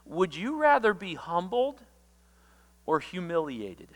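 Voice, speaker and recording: A man preaching a sermon, telling stories and shouting single words for emphasis before dropping back to a soft, slow delivery. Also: high-pitched, big pitch swings, big-room sound. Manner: dramatic, shouts key words, acts out quotes. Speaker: pastor. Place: church.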